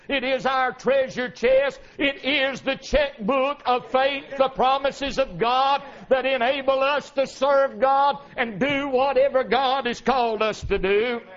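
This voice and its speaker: A man's voice: extremely high pitch, fairly bright tone, lo-fi sound. A man preaching a fervent revival sermon, rhythmic and punctuated with calls of amen, as a traveling preacher.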